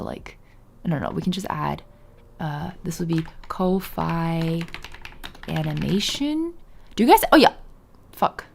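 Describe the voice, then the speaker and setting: A woman streaming live with a hoarse, half-lost voice, rambling casually to her chat and laughing often. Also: on the low side.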